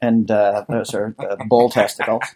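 A man's voice: fairly low pitch, little pitch movement, moderate pace, noisy background. A man from the United States co-hosting a comedy podcast, telling stories in a rambling, restarting way. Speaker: podcast co-host. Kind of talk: casual chat.

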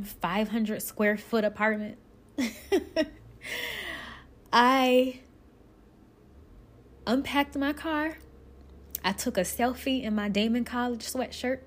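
A woman from Buffalo, New York, earnestly telling her own story of moving away to become an actress, speaking emotionally with pauses and restarts. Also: medium pitch, fairly even intonation. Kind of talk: personal storytelling.

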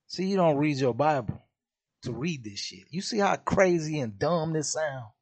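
A man's voice: fairly high pitch, lively intonation, moderate pace. A man hosting a podcast, giving an impassioned monologue in blunt, profane street slang. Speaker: podcast host.

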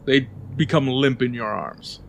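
A man's voice: mid-range voice, a little slow, creaky, slight background noise. A man running a tabletop game as game master, narrating loosely and often repeating his words.

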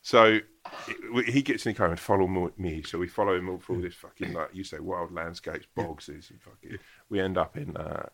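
A man with a low voice and a bright, forceful tone tells a rambling anecdote in casual chat. He swears freely and acts out the scenes as he goes. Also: a little fast, gravelly. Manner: animated storyteller, swears a lot. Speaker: guest, actor and comedian.

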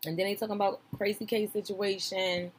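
A young woman hosting a podcast, giving sassy, gossipy reaction commentary on a reality show, loud one moment and mumbling the next. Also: mid-range voice, brisk, breathy edge. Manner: sassy, animated, gossipy, swings between loud outbursts and mumbling asides.

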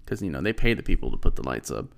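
A man's voice: low voice, sing-song, very fast, creaky. Rambling man telling a story casually. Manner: rambling, loose, full of "like" and restarts.

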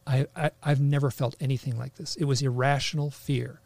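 Man, gravelly voice, casual storytelling, halting, animated, dry sound. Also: medium pitch, no room sound. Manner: halting, full of restarts and "like"; animated, acts out quoted lines. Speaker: guest telling a personal story.

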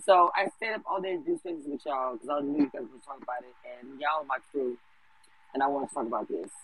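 A man's voice: medium pitch, fast, a bit bright, slightly rough, no room sound, rough recording. A tired man hosting a live audio chat room, casual and chatty, calling on speakers with "y'all" and "bro". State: tired from a long day awake.

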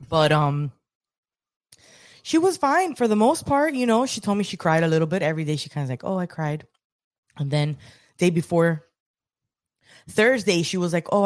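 Woman co-host in her thirties, chatty and animated, somewhat low voice, dry close mic. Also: dry recording. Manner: animated storytelling, acts out her daughter's lines. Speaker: podcast co-host. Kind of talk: casual chat.

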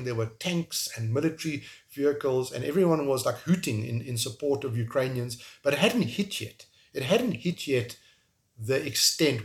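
A man with a South African accent, speaking as an interview guest in an emotional, halting way, with frequent restarts. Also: medium pitch, darkish tone. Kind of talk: remote interview conversation.

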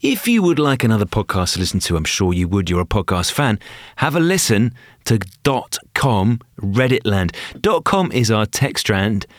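A man's voice: fairly low pitch, big pitch swings, normal speed, no room sound, studio quality. A man in his forties co-hosting a podcast in a playful, joking way. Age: 40s. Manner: playful, jokey. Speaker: podcast co-host. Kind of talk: casual podcast chat.

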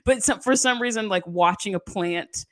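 A woman's voice: mid-range voice, normal speed. Giggly woman hosting a chatty podcast. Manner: chatty, giggly, lots of likes and you-knows. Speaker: podcast host. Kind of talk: casual chat.

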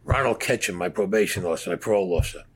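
A man's voice: low-pitched, rapid-fire, slightly rough. An older man telling his own crime story in an interview, in blunt, profane street talk. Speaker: former mobster interviewee.

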